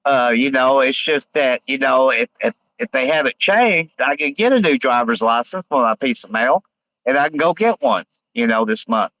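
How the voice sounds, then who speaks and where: A man hosting a casual live stream, rambling with many halting fillers as he reads out viewer comments. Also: medium pitch, expressive, sharp tone, no echo, low-quality recording.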